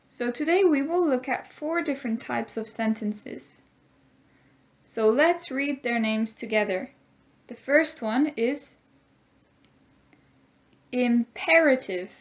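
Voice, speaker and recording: A woman teaching a grammar lesson, speaking slowly and clearly and having the class repeat words after her. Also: fairly high pitch, muffled recording. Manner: slow, clear teacher talk with call-and-repeat drills.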